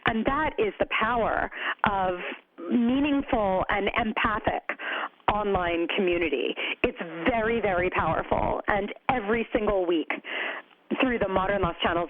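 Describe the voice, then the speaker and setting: A woman speaks as a podcast guest, open and animated, her sentences full of "like" and "you know". Her voice comes through a thin, phone-like line. The sound is dry and close, with no room around it. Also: medium pitch, no echo. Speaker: podcast guest, co-founder of a grief community. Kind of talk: conversational interview.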